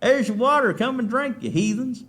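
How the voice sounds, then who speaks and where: Here is a fed-up old prophet, voiced by a man in a sermon, hollering at a crowd in a high, strained voice. He is worn out by their complaining and spits out insults. The anger is loud and bursting. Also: normal speed. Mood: furious. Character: furious exasperated old male prophet scolding a crowd.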